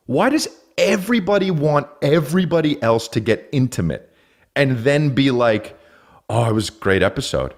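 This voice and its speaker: A man in his thirties hosting a podcast, ranting comedically with lots of swearing and quick put-on voices. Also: deep voice. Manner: profane, animated, acts out silly voices. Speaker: podcast host. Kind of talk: comedic rant.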